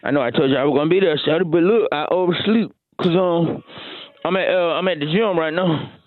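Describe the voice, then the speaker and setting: A man's voice: fairly high pitch, brisk, no room sound, phone-quality sound, voice pushed down, lightly acted. A man doing breathless slangy gym bro. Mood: rambling. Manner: slangy, stumbling, rambling. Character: swaggering young man skipping work for the gym.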